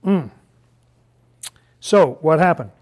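A man teaching a relaxed Bible study, his fairly high voice bouncing all over the place. He keeps it chatty and laughs often, slipping into playful voices for the figures he quotes. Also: slow.

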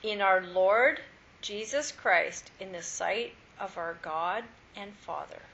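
A woman reading scripture aloud in a steady, measured way during a Bible study. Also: medium pitch, vocal fry, slight background noise. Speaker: scripture reader. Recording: dull lo-fi recording.

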